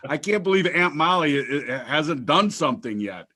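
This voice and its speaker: A man hosting a casual show about the markets, with a bright, slightly high voice. He jokes freely and rambles, stacking fillers and restarts. His delivery is loose and conversational. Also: expressive, moderate pace. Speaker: podcast host.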